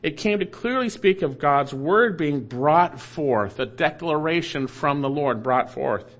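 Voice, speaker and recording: Man, pastor, sermon, emphatic, repeats phrases, fairly high pitch. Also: lively intonation, unhurried. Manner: emphatic preaching, repeats key phrases, swings loud and soft.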